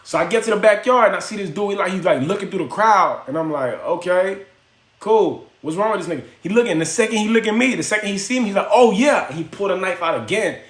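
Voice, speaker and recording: Speaking very fast with few pauses, this man has a high, fairly bright voice and lively intonation. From an echoey room, he hosts a phone livestream, spinning a slangy story for his chat and acting out each character's voice.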